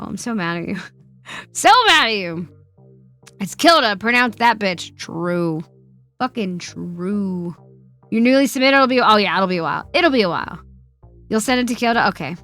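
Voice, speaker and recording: Bright, excitable woman streamer, swearing freely. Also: medium pitch. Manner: profane, excitable, quick swings between loud outbursts and muttering. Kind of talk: casual chat with stream chat.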